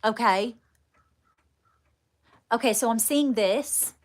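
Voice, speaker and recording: A woman with a slightly high voice works as a medium on a live stream, addressing her viewers directly. She talks in stops and restarts, repeating words as she goes. She keeps calling her viewers darling. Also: slow. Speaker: psychic medium. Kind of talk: live-stream channelling session.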